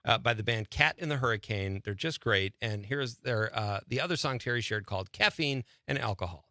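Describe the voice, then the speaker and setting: A man hosting a radio show, chatting casually and joking deadpan with his guest. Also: mid-range voice, brisk. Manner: joking, deadpan put-ons.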